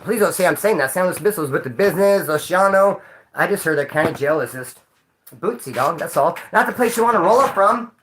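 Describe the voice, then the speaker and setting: A man casually telling prison stories in a slangy, profane, animated way. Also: sits high, quick pace, echoey room. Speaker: storyteller recounting prison life. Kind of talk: casual storytelling monologue.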